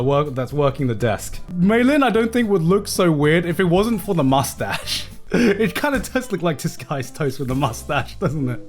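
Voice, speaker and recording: A man streaming live, reacting to fan-made edits in a casual, incredulous way, swearing and laughing often. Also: high-pitched.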